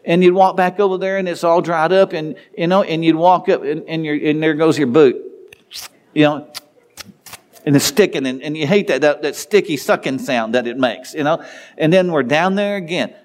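A man's voice: fairly high pitch, animated, moderate pace. A middle-aged man preaching a folksy devotional sermon, telling a homely story in a rambling way with many restarts.

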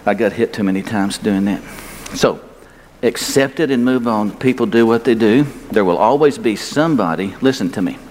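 An older pastor with a lowish, darkish voice preaches at normal speed, a little hiss or hum on the recording. Folksy and emphatic, he lifts his voice on key points, his words carrying long reverb and faint ambience through the church sanctuary.

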